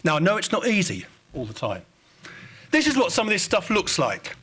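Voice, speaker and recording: A man's voice: high-pitched, huge pitch swings, moderate pace, fairly bright tone, husky. A man with an Estuary English accent giving an informal conference presentation on research, speaking directly to the audience.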